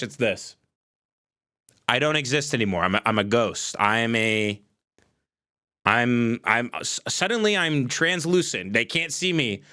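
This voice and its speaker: A man hosting a livestream on a desk mic, ranting in a profane, exasperated way and shouting at times. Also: medium pitch, animated, normal speed. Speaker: livestream host. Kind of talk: casual ranting monologue.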